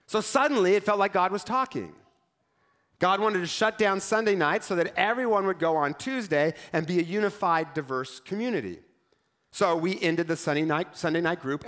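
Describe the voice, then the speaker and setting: A male pastor preaching a sermon in a conversational, wry storytelling manner with quick acted asides. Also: fairly high pitch, fairly bright tone.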